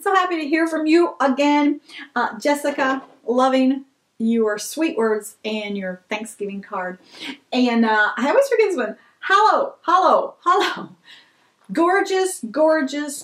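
Woman vlogger, high, unhurried voice, excitable and gushing. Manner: gushing, excitable, gasps and squeals. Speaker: vlogger opening fan mail. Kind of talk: casual chat.

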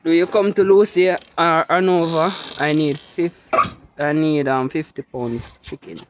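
Co-host reading comments haltingly. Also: medium pitch, steady tone, background noise. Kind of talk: reading comments aloud on a live stream.

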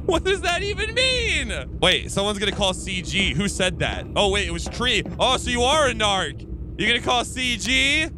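A man's voice: high voice, lively intonation, normal speed, background noise. A man teasing other players in casual game voice chat, brash and sarcastic. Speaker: YouTuber roleplaying in an online game.

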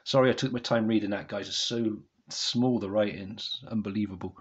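A man's voice: on the low side, steady tone, normal speed, husky, highs cut off. A man casually reviewing a wrestling DVD set to camera at home, rambling and often apologising to viewers. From United Kingdom.

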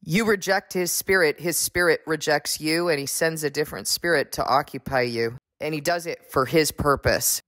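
A woman preaching a stern sermon, pressing her listeners with forceful rhetorical questions. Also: moderate pace, few pauses, no room sound. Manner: forceful rhetorical questions, rising pitch when pressing the point.

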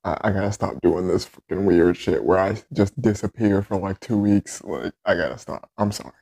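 A man's voice: sits low, moderate pace, creaky, warm tone, husky. A man hosting a reaction video, talking casually in a laid-back, slangy and profane way.

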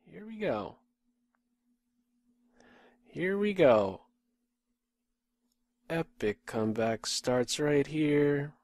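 A middle-aged man giving live chess stream commentary, excitable, talking to himself and breaking into frequent laughter. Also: fairly high pitch, extremely slow, pauses often.

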